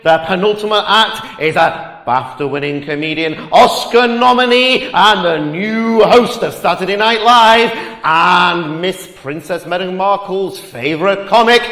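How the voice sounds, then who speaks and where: Slow, showy comedy club compere. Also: male voice, high-pitched, fairly bright tone. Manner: showy, hyping the crowd. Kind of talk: stage introduction. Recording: roomy club hall with long reverb.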